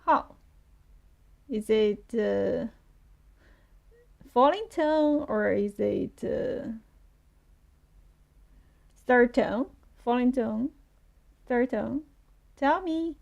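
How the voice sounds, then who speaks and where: Slow, gravelly Chinese-accented woman teacher. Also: a little high, darkish tone. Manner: slow, patient, repeats words for learners. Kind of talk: live online language lesson.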